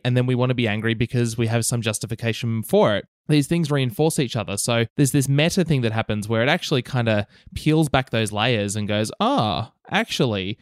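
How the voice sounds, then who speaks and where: A man's voice: mid-range voice, clear, resonant tone, no echo, clean studio sound. A man co-hosting a podcast, talking in a thoughtful, analytical way with casual asides. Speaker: podcast co-host. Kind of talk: reflective podcast talk.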